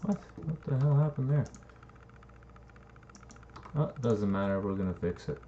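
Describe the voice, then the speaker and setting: This is casual screen-recording commentary from a man working on a game map, his mid-range voice dark in tone, lively in intonation, and measured in pace. He thinks aloud in a loose, rambling way with occasional swearing, and the dull lo-fi mic picks up faint noise and typing.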